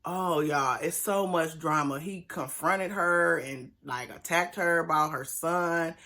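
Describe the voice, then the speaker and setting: A woman's voice: low-pitched, slow pace, pushed and bright. A woman hosting casual recap commentary, chatty and emphatic, talking straight to her viewers.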